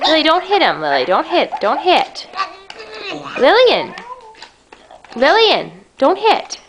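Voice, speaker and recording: A mother talking to her toddler in sing-song baby talk, coaxing and gentle, filmed at home on a handheld camcorder. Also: high-pitched, huge pitch swings, unhurried, long pauses, noisy background. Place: at home indoors.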